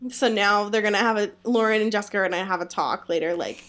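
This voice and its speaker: A woman's voice: mid-range voice, normal speed. A woman co-hosting a podcast, chatting casually about a book, giggling often and peppering her talk with "like". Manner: giggly, animated retelling with lots of "like". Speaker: podcast co-host. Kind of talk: casual book-club chat.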